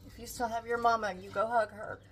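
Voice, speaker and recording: An older woman talks to her viewers from her home kitchen while cooking. Her voice sits a little high, and she chats easily, tender and quick to get emotional. A faint household hum lingers behind her. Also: fairly even intonation, poor audio. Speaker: vlogger. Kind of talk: casual vlog chat while cooking.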